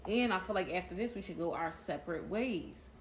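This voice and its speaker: In this noisy phone clip full of ambience, a young woman chats through a personal storytime, addressing her audience as y'all. She speaks on the low side, fairly quickly and expressively.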